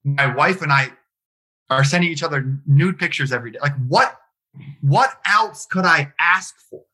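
A middle-aged man pours out a personal story in a rambling, emotional rush, cursing and restarting his sentences. His voice has a bright, forward edge with a husky grain. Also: a little high, moderate pace, rough recording. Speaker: podcast guest.

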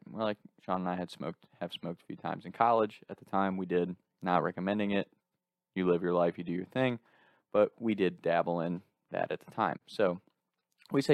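A man in his twenties casually telling an animated story, laughing through it. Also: deep voice, brisk, dry recording, clean studio sound.

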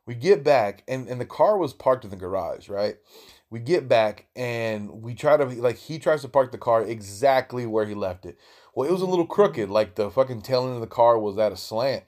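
A man's voice: medium pitch, animated, moderate pace, a little mellow. Podcast host, man, swears constantly, rambles through stories in slang and restarts. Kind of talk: casual storytelling monologue.

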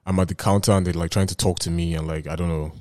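A man's voice: low voice, fairly even intonation, fast talker, darkish tone, no room sound. A man with a Nigerian accent, hosting a podcast and telling a story in a casual, laughing way. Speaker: podcast host.

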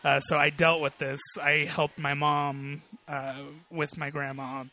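A man's voice: fairly high pitch, level tone, a little slow, sharp tone. A man co-hosting a casual chat, telling a personal memory in an earnest, reflective way with many hesitations.

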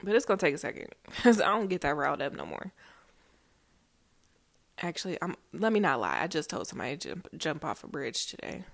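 A woman's voice: deep voice, big pitch swings, fairly quick, vocal fry, no room sound. A young woman vlogger chatting candidly to her followers, rambling, swearing and laughing, emotional and near tears. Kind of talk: casual chat to followers.

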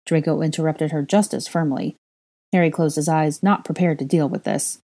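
Female narrator, low dark husky voice, reads a fan fiction story and plays the whole cast. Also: fairly even intonation, moderate pace. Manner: reads all the character voices herself.

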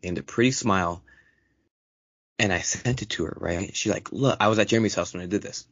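A brisk, slightly rough, fairly low male voice belongs to a young podcast co-host telling a story in easygoing chat. He swears frequently and gets animated, raising his voice to act out quotes. The lo-fi recording is dull and dry, with no room sound.

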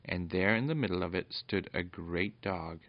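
A man's voice: low-pitched, normal speed, no echo, highs cut off. A man reading a children's storybook aloud, stumbling and correcting himself now and then. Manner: unpolished, with frequent stumbles and self-corrections.

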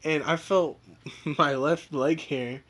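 A young man who talks slowly and easily on a podcast, teasing his co-host. He chuckles a lot between lines. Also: fairly high pitch, fairly even intonation, a crowd in the background. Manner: laid-back, teasing, chuckles often. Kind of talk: casual chat.

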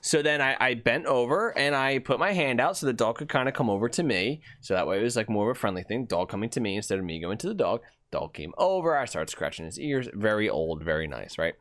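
Animated, rambling young man. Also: medium pitch, fast, few pauses. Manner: rambling, animated storytelling with silly put-on voices. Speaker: podcast co-host. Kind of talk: casual chat.

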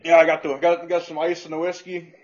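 A man hosting a casual chat, relaxed and easygoing, swearing casually as he asks questions. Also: on the high side, fairly quick, highs cut off. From United States. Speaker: podcast host.

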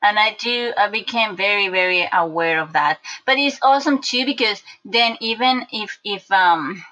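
Bright-voiced woman telling animated stories. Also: mid-range voice, normal speed. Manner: animated storyteller with many restarts and acted-out quotes. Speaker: guest. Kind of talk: casual conversation, personal storytelling. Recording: dull lo-fi recording.

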